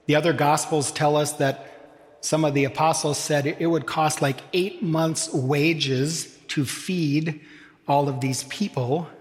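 A man preaching a sermon as pastor, slow and deliberate with dramatic pauses, addressing his congregation. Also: a little high, steady tone. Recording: long hall reverb.

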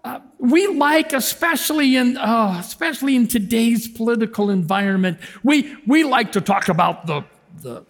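High-voiced man preaching in a hall. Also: normal speed, few pauses. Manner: animated, swings between shouting and hushed tones. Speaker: lay preacher. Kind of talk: sermon.

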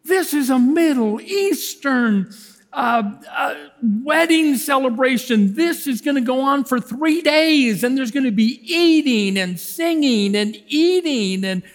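A man giving a sermon as a lay preacher, animated and swinging between shouts and hushed tones. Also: very high-pitched, slow pace, big-room sound.

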